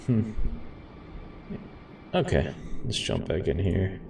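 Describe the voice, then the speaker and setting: Low-voiced casual male streamer with a rambling manner, recorded a bit off-mic with faint hiss. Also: very animated, slow pace, creaky. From grew up in a city. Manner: laid-back, rambling, says "man" and "guys". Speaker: flight sim streamer. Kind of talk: casual gameplay commentary. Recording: echoey room, mic far off, faint hiss.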